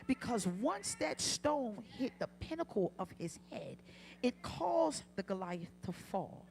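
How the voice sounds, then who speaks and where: A woman preaches a sermon with a fairly high voice. She drops low and then rises to loud, passionate peaks. Humorous asides break up her delivery. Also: very animated, measured pace, gravelly. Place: church sanctuary.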